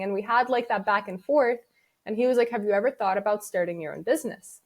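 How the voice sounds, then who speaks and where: A young adult woman with a slightly high voice talks fast as a business founder guest in an interview. She tells stories casually and with liveliness, acting out the dialogue she quotes.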